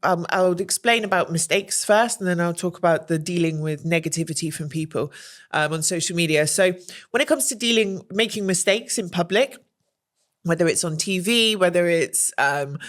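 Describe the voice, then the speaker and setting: Animated woman telling stories in an interview. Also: lowish voice. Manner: animated storyteller who acts out quoted voices and gasps. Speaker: guest, journalist and presenter. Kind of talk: candid interview talk, telling anecdotes.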